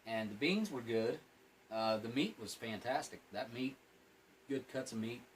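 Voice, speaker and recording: A man's voice: medium pitch, animated, a little slow, a little hiss or hum, low-quality recording. A plain-spoken man giving a casual, rambling food review while eating and smoking, sometimes talking with his mouth full. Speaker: MRE reviewer.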